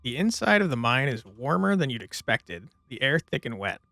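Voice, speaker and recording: A man's voice: medium pitch, very animated, normal speed, gravelly, bright, forceful tone, no echo. A man hosting a let's play, reading the game's narration aloud and joking casually through it on a close mic. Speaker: let's play gaming channel host. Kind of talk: gaming commentary and reading game text aloud.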